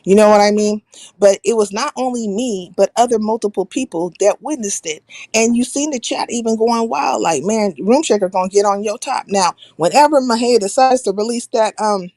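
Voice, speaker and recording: A woman hosting a casual live stream, talking bluntly and swearing freely, pausing to shout out viewers by name. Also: mid-range voice, no room sound.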